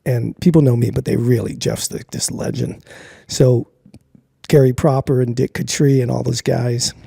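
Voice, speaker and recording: Animated gravelly man in his sixties. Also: medium pitch, moderate pace, no room sound, studio quality. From California. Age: 60s. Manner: animated, acts out quoted voices, laughs often. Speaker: interview guest. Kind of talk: casual storytelling.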